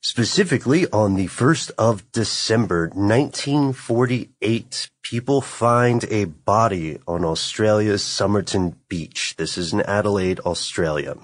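A man's voice: lowish voice, measured pace, few pauses, no echo. A man co-hosting a podcast in casual chat, joking with his co-host.

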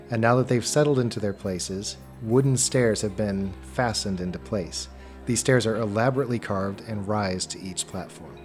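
A man narrating a tabletop game as game master, describing scenes in a measured, descriptive way. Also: on the low side, a little mellow.

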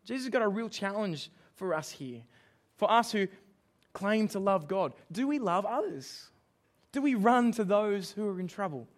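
Man, preacher, sermon, high-pitched, emphatic, questioning the congregation. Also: animated, normal speed.

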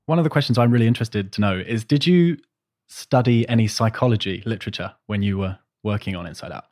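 Brisk, curious male podcast host. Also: on the low side, a little mellow. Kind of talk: interview questions.

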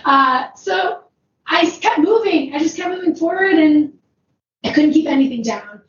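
With a high-pitched, expressive voice at a moderate pace, a woman ultrarunner rambles through a long personal tale, laughing often and dropping plenty of "like"s and other fillers. The audio is roomy, distant and dull, with background noise.

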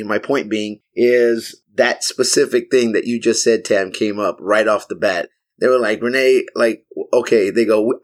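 A man in his forties co-hosting a podcast, telling stories with energy and acting out other people's lines. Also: fairly low pitch. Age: 40s. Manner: animated storyteller, acts out other people's lines. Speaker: podcast co-host. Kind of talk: casual chat.

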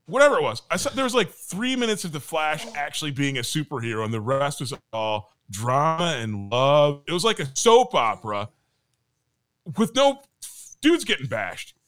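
A man's voice: on the high side, big pitch swings, normal speed, a bit bright. A man co-hosting a casual podcast chat and ranting animatedly, with some profanity. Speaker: podcast co-host.

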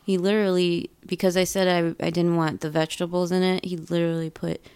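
A woman in casual chat, telling an animated story about a bad takeout order, swearing freely. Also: fairly low pitch, fairly quick, clean tone, dry recording. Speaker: podcast co-host; food industry worker.

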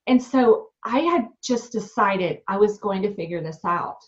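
A young woman, a restaurant owner and new mom, telling her story in an interview in a candid, animated way with many fillers. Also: medium pitch, unhurried. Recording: dull lo-fi sound.

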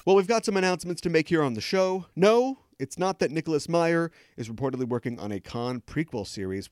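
A man's voice: a little high, lively intonation, fairly quick, few pauses, no room sound, clean studio sound. Sarcastic man hosting a podcast. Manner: sarcastic, joking asides. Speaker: podcast host. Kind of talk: scripted news commentary.

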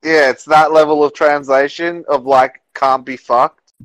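A man's voice: fairly high pitch, flat delivery, a little slow, a bit bright, no room sound, low-quality recording. A man hosting a casual chat, crude and joking and laughing often.

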